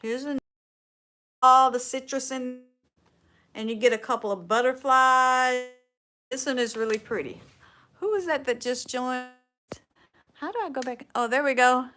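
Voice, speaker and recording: A woman's voice: high voice, fairly even intonation, a little slow, pauses often, sharp tone. A woman with a Southern US accent hosting a casual furniture upcycling livestream, folksy and chatty, often trailing off and restarting her sentences.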